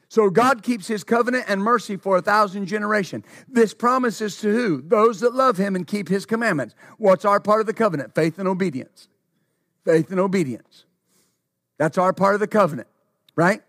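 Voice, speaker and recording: Preaching in a high-pitched voice, a man repeats his phrases, puts questions to the congregation, and shouts hallelujah, tripping over his words as excitement builds. The sound is dry and studio-clean.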